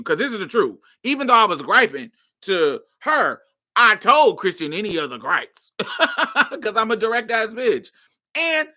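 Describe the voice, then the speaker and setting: This podcast host, a woman with a medium-pitched voice, tells a personal story in a very animated way at a measured pace. Her telling is casual, blunt and profane, bursting into heated outbursts, with a bright, forceful tone.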